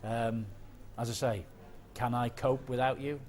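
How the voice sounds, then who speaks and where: A man's voice: mid-range voice, fairly even intonation, unhurried, a little mellow, slight background noise. A man presenting a sports show, jovial and teasing in studio banter with his co-host.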